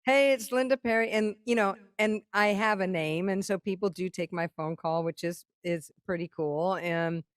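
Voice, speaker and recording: A middle-aged woman, a songwriter and keynote guest, telling a story in casual talk. She is animated, swears freely and acts out what other people said. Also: on the low side, normal speed, hardly any pauses, no room sound, clean studio sound.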